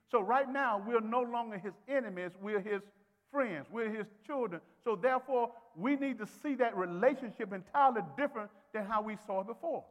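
High-voiced preacher man, shouting call-and-response. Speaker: pastor. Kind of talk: sermon. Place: church sanctuary. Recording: long hall reverb.

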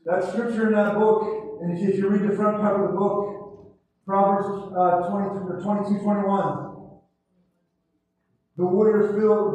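A man's voice: high voice, mellow, slight background noise. A man preaching a fervent sermon, leading his congregation in call-and-response. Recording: echoey hall, far from mic.

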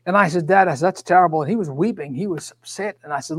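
A man in his sixties tells a personal story with lively animation, voicing each side of the conversation himself. His voice sits noticeably high for a man. He speaks from a studio microphone. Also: fast, gravelly, hardly any pauses. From Scotland. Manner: animated storyteller, acts out dialogue. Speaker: minister and author. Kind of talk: storytelling testimony.

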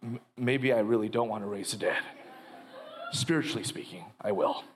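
A man's voice: lowish voice, normal speed, slight background noise. A male minister on a live podcast, telling a story with quoted inner dialogue, then leading a prayer. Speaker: guest minister. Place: live podcast before an audience.

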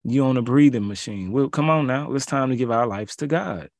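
A man's voice: medium pitch, brisk, no echo, studio quality. A man preaching and reading scripture aloud, pleading with listeners and mixing in casual asides. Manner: pleading, rising to emphatic peaks; informal, colloquial asides.

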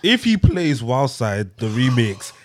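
A man co-hosting a podcast, chatting in an animated, jokey way. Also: mid-range voice, unhurried, a loud crowd. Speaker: podcast co-host. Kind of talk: casual chat.

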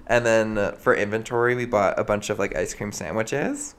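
A man's voice: lowish voice, moderate pace, a little hiss or hum. A young man co-hosting a podcast, chatting casually and telling stories animatedly, full of "like" and acted-out quotes. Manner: animated storytelling, heavy use of "like", acts out quotes. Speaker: podcast co-host. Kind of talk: casual chat.

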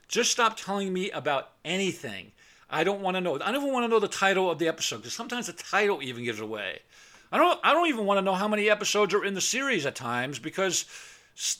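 A middle-aged podcast host goes on an unscripted, blunt rant, acting out both sides of arguments in a raised voice and tripping over repeated words. His voice is a little high, pushed and bright.

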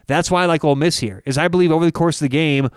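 A man co-hosting a sports betting show, breaking down college football picks in an energetic, excitable way. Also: on the high side, racing, clean tone, dry recording, studio quality. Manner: energetic, excitable, with sudden loud cheers. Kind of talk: casual sports betting chat.

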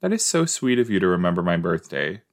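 A man's voice: low-pitched, big pitch swings, fast talker. A man hosting a casual watch-along podcast, thinking aloud in a playful, rambling way with many fillers. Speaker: podcast host reacting to a TV episode.

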